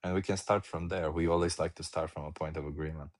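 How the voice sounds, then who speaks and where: Deep male co-host, upbeat and chatty, reacting to live chat. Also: steady tone, quick pace. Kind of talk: casual live-stream chat.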